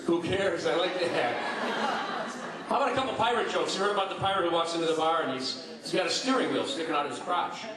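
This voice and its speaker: A man's voice: fairly high pitch, quick pace. A man, a police chaplain, telling one-liner jokes and teasing the audience at a banquet. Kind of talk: stand-up joke telling. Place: large banquet hall with a laughing crowd. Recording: echoey hall, heavy crowd noise, far off.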